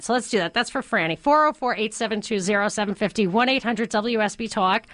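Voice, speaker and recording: A woman's voice: medium pitch, brisk, hardly any pauses, fairly bright tone, dry recording. A woman hosting a talk radio show from a studio, chatting casually and animatedly, laughing often.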